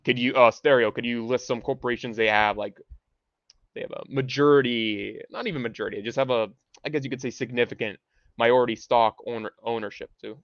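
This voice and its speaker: A man's voice: mid-range voice, steady tone, fairly quick, no echo. A man hosting a rambling livestream monologue in a profane, ranting way, full of restarts. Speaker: livestream host. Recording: dull, dry lo-fi sound.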